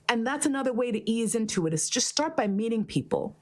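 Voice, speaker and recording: A woman's voice: on the high side, fast. A woman hosting a podcast, telling stories in casual chat, swearing freely and laughing often. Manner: profane, animated, laughs often. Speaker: podcast host.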